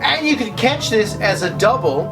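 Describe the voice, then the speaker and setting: A man's voice: sits high, expressive, moderate pace, loud music behind the voice. Emphatic, argumentative male co-host. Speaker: podcast co-host. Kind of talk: casual chat.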